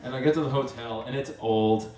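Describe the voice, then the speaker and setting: A man's voice: medium pitch, fairly even intonation, a little fast, dark tone. Man, live comic storyteller, rambling and self-mocking, roomy echo, distant mic, faint background noise. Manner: rambling, self-mocking, acts out his own asides. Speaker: storyteller and master of ceremonies. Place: stage at a live storytelling event.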